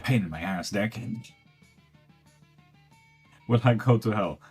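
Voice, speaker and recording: A man's voice: fairly low pitch, slow pace, a little mellow, slightly rough, faint music behind. A man giving casual tarot readings on a live stream, blunt and swearing freely.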